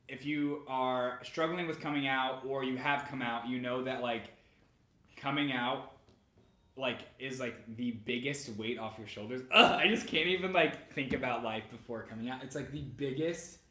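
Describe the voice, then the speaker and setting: A man co-hosting a vlog, chatting excitedly and speaking straight to the viewers. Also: mid-range voice, normal speed. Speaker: vlogger, co-host. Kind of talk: casual chat. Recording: echoey room.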